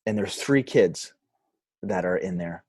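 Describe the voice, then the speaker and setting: A pastor telling a story in a podcast interview, with animated delivery and quoted voices. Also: male voice, sits low, unhurried, slightly rough, dry recording, clean studio sound. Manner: animated, acts out quoted voices, frequent fillers.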